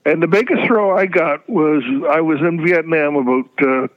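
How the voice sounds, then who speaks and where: Older man telling music-industry stories, brisk. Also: fairly high pitch, dry recording. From Canada. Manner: animated storyteller, repeats words. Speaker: guest, music journalist. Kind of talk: anecdotal interview talk. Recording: dull lo-fi sound.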